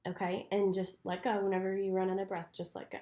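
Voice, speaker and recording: A woman playing a clinician guides someone patiently and encouragingly through a speech exam, giving instructions one step at a time. Her voice is medium-pitched, mellow and monotone, and she speaks quickly.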